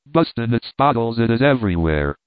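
A man's voice: medium pitch, sing-song, brisk, clean tone, no room sound, close to an everyday voice. Male reader as a chatty little bearded man, confiding, thin dry sound. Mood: confidential. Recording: dry, tinny phone-like sound.

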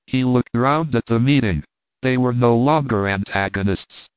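Male audiobook narrator, steady plain delivery, tinny dry recording. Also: mid-range voice, normal speed, clean tone, no room sound. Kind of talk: scripted narration of a novel. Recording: dry, tinny phone-like sound.

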